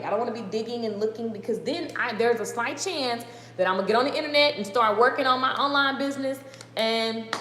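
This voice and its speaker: A high-voiced woman rants excitedly on a motivational live stream, talking fast and slangy and hammering her points home by repeating them. She is recorded on a phone in her home kitchen, where the hard room gives her voice a long, echoey ring. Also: slight background noise. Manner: excited fast ranting, talks too fast; casual slangy and emphatic, repeats phrases. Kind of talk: energetic motivational talk.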